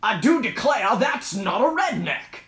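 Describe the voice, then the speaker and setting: A man voicing a genteel, easily impressed gentleman with a slow, drawn-out, mannered way of speaking. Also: very high-pitched, very animated, echoey room, voice pushed up, full character voice. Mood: pompous.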